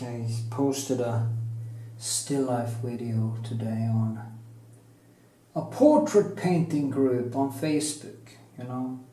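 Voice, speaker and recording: A man's voice: medium pitch, dark tone, reverberant, low-quality recording. A Norwegian man with a Norwegian accent, musing and joking while he paints in his studio. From Norway. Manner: slow, musing, joking asides. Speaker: painting teacher. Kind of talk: rambling talk while painting.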